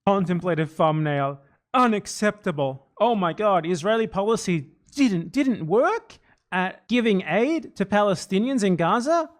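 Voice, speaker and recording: A man's voice: sits high, expressive, measured pace. A man hosting a political commentary stream, talking in a heated, sarcastic way and mocking his opponents. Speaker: streamer host.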